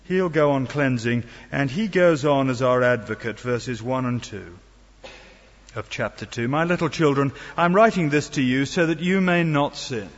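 In a church, a middle-aged man preaches an earnest sermon peppered with wry asides and rhetorical questions. He speaks at medium pitch and normal speed, and the recording sounds dull in a hall with long reverb.

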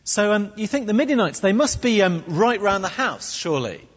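A preacher gives a sermon with wry humour and a very lively, swooping pitch. His voice is a little husky and slightly high. It sounds dull and echoey, as if caught from the far side of a large hall. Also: normal speed. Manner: animated, wry, with comic put-on voices. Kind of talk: sermon with humorous asides.

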